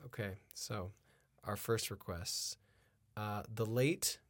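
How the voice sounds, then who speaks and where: A man hosting a casual podcast interview, giving short, relaxed prompts and reactions. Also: on the low side, slow. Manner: brief, relaxed interjections and requests. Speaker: podcast host.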